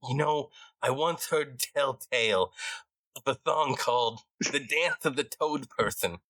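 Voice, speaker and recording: A man voicing a chatty, excitable giant rat who talks in rough slang. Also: medium pitch, a little slow, no echo, voice pushed up, low-quality recording. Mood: folksy. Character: chatty male giant rat named Chuck.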